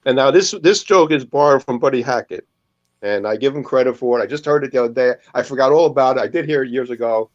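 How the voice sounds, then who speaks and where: A man of middle pitch tells jokes on a casual web show. He narrates in a relaxed storyteller's way and slips into the characters' lines. The recording sounds a bit dull and lo-fi. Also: fast. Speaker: co-host.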